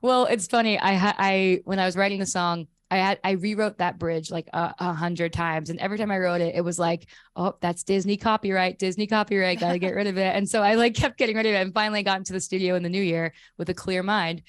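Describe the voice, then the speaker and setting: A woman's voice: mid-range voice, steady tone, fast talker, hardly any pauses, clean tone, no echo. A woman singer chatting as a guest in a radio studio, laughing often and talking with many fillers. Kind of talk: casual radio interview.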